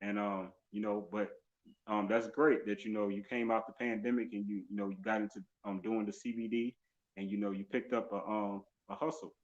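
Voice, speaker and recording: A man's voice: fairly low pitch, flat delivery, fairly quick, lo-fi sound. A male interview host with an upbeat, encouraging, repetitive way of talking. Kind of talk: casual live-stream interview.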